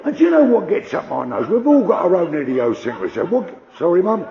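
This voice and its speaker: Older man, stand-up storyteller, gruff, high lively voice, muffled lo-fi sound. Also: fairly quick, some chatter behind. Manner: gruff, conversational, swearing. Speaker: stand-up comedian.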